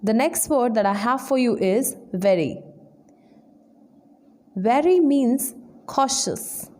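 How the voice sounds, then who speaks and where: Female English trainer, high voice, deliberate slow lesson delivery. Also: animated, warm tone. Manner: slow, deliberate word-by-word explanation. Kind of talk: vocabulary lesson.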